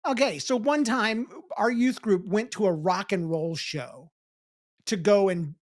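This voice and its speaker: A man's voice: sits high, measured pace. A man co-hosting a podcast in casual chat, giving opinions and joking along. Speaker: podcast co-host.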